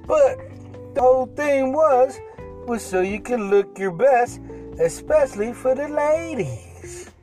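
A man's voice: very high-pitched, animated, soft background music. A man co-hosting a podcast, chatting playfully in a casual, loose way. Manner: playful, drawn-out delivery with shouted pirate growls. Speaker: podcast co-host.

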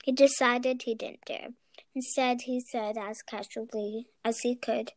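A woman reads a storybook aloud with care and measure. Her pace is slow and her voice fairly high. The recording is dry. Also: steady tone, dry recording. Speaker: reader.

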